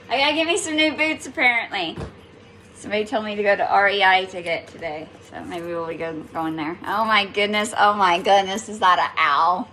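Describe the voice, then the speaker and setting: A woman's voice: medium pitch, pushed and bright, a little hiss or hum. A woman giving a casual, playful spiritual reading to her viewers, chatting, laughing often and swearing lightly. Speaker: tarot reader.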